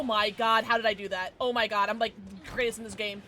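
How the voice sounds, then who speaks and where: A young woman streaming a game live, chatting excitably with her viewers and reacting to the action. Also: fairly high pitch, normal speed. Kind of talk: casual gaming livestream chat.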